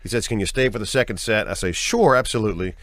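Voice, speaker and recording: A middle-aged man telling a personal story as an interview guest, lively and acting out the voices he quotes. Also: fast talker, no room sound, studio quality. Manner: lively, acts out quoted voices with big pitch jumps.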